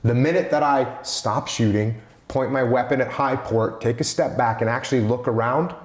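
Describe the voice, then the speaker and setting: A man's voice: mid-range voice, normal speed. A man talking through ideas on leadership in a casual podcast conversation, with an emphatic manner, hammering on key phrases. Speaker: leadership speaker. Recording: roomy echo.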